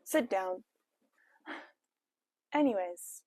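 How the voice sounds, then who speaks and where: A woman's voice: mid-range voice, steady tone, unhurried, a little mellow, dry recording. Chatty young woman telling a story. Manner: chatty, lots of "like" and self-quoting asides. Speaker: vlogger. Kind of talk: casual storytime chat.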